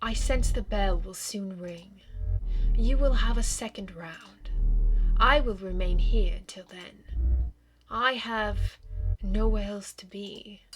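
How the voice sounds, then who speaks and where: A woman voicing a solemn, ancient, lonely spirit in a video game, speaking in a slow, hushed, grave way. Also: medium pitch, faint music behind. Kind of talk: video game character reading.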